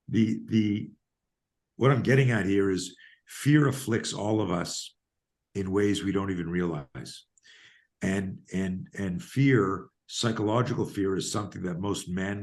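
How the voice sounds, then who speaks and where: A deep-voiced man in his fifties, speaking as a podcast guest. He tells stories with animated emphasis, pressing hard on key words. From Canada. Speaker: guest, self-defense coach. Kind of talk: podcast interview storytelling.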